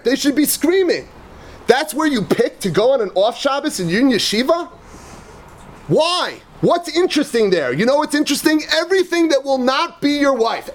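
A rabbi with a notably high voice lectures yeshiva students with emphatic, repetitive conviction. He weaves personal anecdotes into his teaching and sprinkles Hebrew and Yiddish terms through his English. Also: slight background noise. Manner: emphatic, repeats phrases, tells personal anecdotes.

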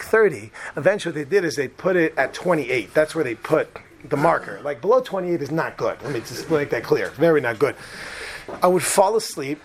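A man telling a comic personal story in an animated way, acting out the other people in it. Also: on the high side.

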